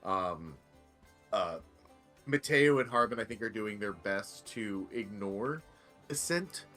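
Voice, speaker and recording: A man's voice: lowish voice, expressive, takes it slowly, sharp tone, faint music behind. A man narrating a tabletop game as game master, loose and rambling with many fillers.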